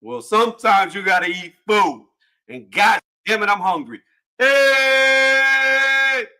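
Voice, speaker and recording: A man hosting a casual boxing livestream panel, joking loudly and cursing, with frequent laughs and trash talk. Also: sits high, slow pace.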